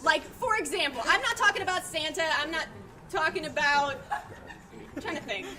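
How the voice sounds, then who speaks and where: A woman hosting a live improv show, chatty and full of quick questions, often laughing. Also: sits high, pushed and bright, faint music behind. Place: small theater with live audience. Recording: stage audio from far off with crowd.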